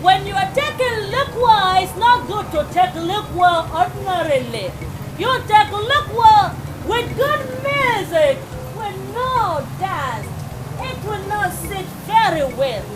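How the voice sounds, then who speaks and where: An actress playing a boastful Congolese woman who pitches money schemes in broken English with a French-tinged accent and frequent laughs. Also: big pitch swings, takes it slowly, noisy background, heavily acted. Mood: showy announcing. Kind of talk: comedy film acting.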